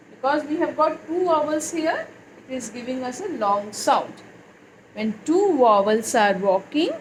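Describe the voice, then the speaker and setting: A woman teacher leading a phonics lesson for young children, reading words aloud slowly in a sing-song way. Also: high-pitched, a little hiss or hum, low-quality recording. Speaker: English teacher.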